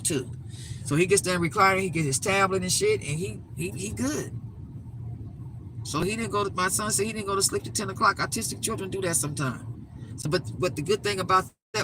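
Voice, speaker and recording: An older woman hosting a live stream, telling a story in an emphatic, animated way and swearing freely. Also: on the low side, background noise. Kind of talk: casual storytelling rant.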